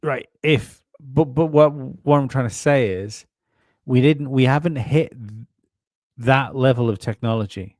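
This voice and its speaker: A man's voice: medium pitch, unhurried, darkish tone, no echo, studio quality. A man co-hosting a casual conspiracy podcast, rambling and swearing, often restarting his sentences. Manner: rambling, profane, many restarts. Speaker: podcast co-host.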